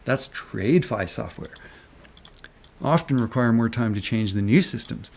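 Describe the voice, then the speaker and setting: A man's voice: mid-range voice, expressive, unhurried, creaky. Angry sarcastic man ranting. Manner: angry, sarcastic, swearing, taunting. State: agitated. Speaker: stock market commentator. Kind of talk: ranting live stream commentary.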